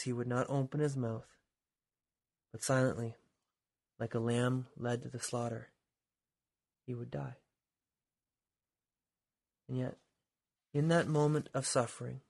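A man preaching a sermon with a husky voice, dropping to quiet lines and then rising to loud, dramatic calls. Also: medium pitch. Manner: dramatic, swings from hushed to shouting.

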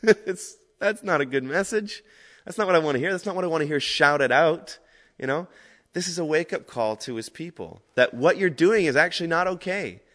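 A man giving an informal guest sermon as a Salvation Army minister, talking casually and rambling at first, then building to loud, fervent emphasis. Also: fairly high pitch, lively intonation, normal speed, in a large hall.

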